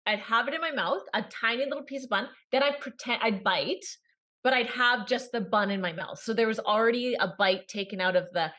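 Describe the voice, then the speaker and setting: A woman guest in a casual interview chat, telling stories in an animated way and acting out the voices of the people in them. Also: fairly high pitch, brisk. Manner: animated storyteller, acts out quoted voices with laughter. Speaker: actress guest.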